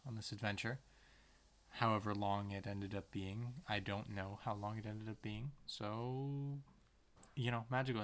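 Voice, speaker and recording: A painter and video maker casually narrates while painting a tiny picture, his mid-range voice creaky and a bit bright. He rambles to himself, tossing in playful sound words.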